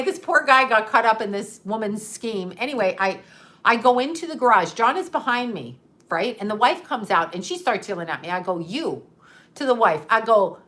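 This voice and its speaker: Laughing, profane woman telling a story. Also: on the high side. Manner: profane, laughing often, animated retelling. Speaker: host telling a personal story. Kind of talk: casual storytelling.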